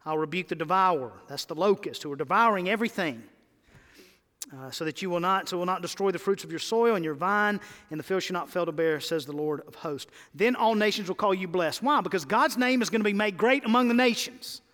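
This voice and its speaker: High-voiced preacher man in echoing sanctuary. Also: fairly quick, a bit bright. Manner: rising to emphatic exhortations. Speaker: pastor. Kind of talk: sermon.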